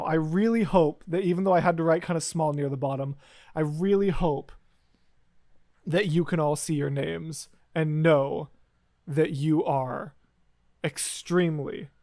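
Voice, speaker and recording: A man's voice: on the high side, darkish tone, no room sound. A man hosting a music reaction video, talking in a casual, enthusiastic way and gushing with repeated exclamations.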